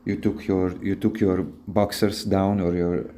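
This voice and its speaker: A man's voice: low voice, little pitch movement, unhurried, warm tone, slight background noise. A man hosting a podcast, giving advice in a rambling, casual, instructive monologue with frequent restarts. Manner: rambling, repeats words and restarts often.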